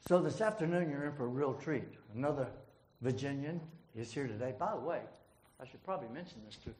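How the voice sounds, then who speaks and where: A man hosts a leadership forum, telling a joke at an easy storytelling pace and then introducing the next speaker. He fills pauses with uh and clears his throat now and then. His voice sits at an average pitch and carries a noticeable room echo. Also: darkish tone. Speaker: forum moderator. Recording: echoey room with faint noise.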